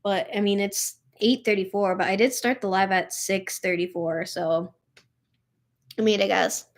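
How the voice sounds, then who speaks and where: A woman's voice: mid-range voice, steady tone, unhurried. A young adult woman chatting on a live stream, tired and upset, rambling with lots of "like" and "literally". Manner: emotional, tired, heavy use of "like" and "literally". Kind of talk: casual live stream chat.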